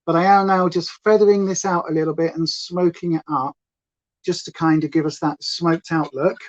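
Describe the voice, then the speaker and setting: At a normal pace and in a steady, low-leaning tone with the highs cut off, a beauty livestreamer from Hampshire, England, does her makeup at home. Her southern English accent shows a touch of Essex twang, and she chats loosely and rambles, reading viewer comments aloud and speaking to both the audience and her dog.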